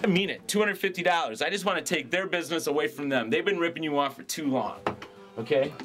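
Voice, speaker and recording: Man, hard-sell store owner, ranting pitch that jumps between shouts and mutters, slightly higher voice. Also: fast talker, heavy background noise.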